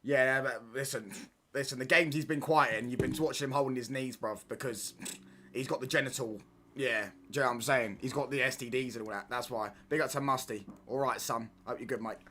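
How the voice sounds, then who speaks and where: A man's voice: mid-range voice, fairly even intonation, a little fast, bright, forceful tone, slight background noise. A young man chatting casually on a football watchalong stream, reading chat and bantering in slang with stop-start restarts.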